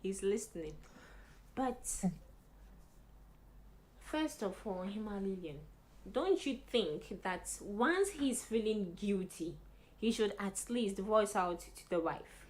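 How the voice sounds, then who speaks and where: A woman hosting a radio talk show in a dramatic, expressive manner. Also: mid-range voice, slow, pauses often, a little hiss or hum, low-quality recording. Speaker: radio host.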